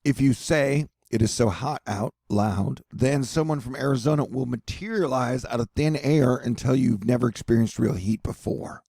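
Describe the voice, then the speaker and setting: Weather vlogger, man, gravelly, dark-toned, jokey and rambling, dry close sound. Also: mid-range voice, moderate pace, hardly any pauses, dry recording. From United States. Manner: joking, rambling, affectionate toward viewers. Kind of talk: casual weather update monologue.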